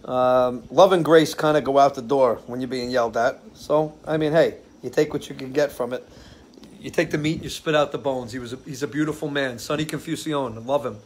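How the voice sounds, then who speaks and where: A man speaks fairly quickly in a mid-range voice with fairly even intonation. Hosting a relaxed live stream from his porch under a ceiling fan, he drifts through rambling stories and often forgets where he was going.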